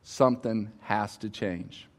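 A man's voice: lowish voice, slow. A middle-aged man preaching a sermon on stage, telling personal stories in a conversational way and asking the audience to respond. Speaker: pastor. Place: on stage before a congregation.

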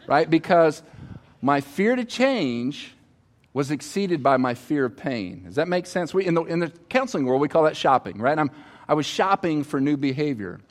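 A middle-aged pastor preaches on stage before a congregation, sharing personal stories conversationally and asking the audience to respond. His voice is slightly high and very animated, at a moderate pace.

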